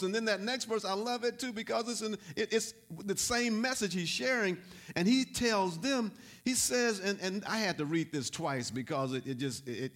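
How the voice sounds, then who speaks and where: A man preaching a sermon in a high, bright-pitched voice. He repeats key lines and swells into loud exhortations. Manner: repetitive, rising to loud exhortation. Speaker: pastor.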